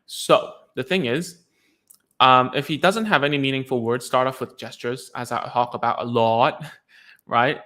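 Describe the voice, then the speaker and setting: A man's voice: medium pitch, steady tone, measured pace, fairly bright tone. A man coaching parents on their child's speech, talking in a loose, chatty way with frequent restarts and casual slang. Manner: loose and chatty, lots of fillers and restarts, says "dude". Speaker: speech therapy coach answering parents' questions. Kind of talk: casual advice video.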